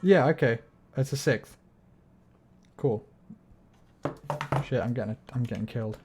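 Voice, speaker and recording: A man streams casually over faint game music, his voice sitting at a middle pitch. He breaks down chords and rhythms in a loose, thinking-aloud way, hums snatches of tunes and swears freely when things go wrong. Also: a little slow. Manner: explains music theory and hums and sings melodies; swears a lot when frustrated. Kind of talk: casual livestream chat while gaming.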